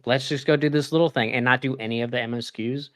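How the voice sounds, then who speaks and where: A man's voice: mid-range voice, fairly even intonation, fast talker, a bit bright. Rambling laughing male podcast host. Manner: rambling, laughs often, acts out his own reactions. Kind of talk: casual gaming chat.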